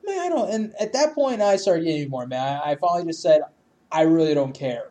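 A man's voice: high voice, wildly swooping pitch, brisk, dark tone. A man chatting casually as podcast co-host, ranting profanely and laughing often. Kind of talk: casual chat.

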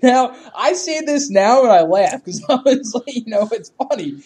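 A man's voice: very high voice, lively intonation, moderate pace, darkish tone. Foul-mouthed guy ranting on a podcast, voice jumps all over, laughs a lot. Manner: profane, ranting, laughs often. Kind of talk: casual chat.

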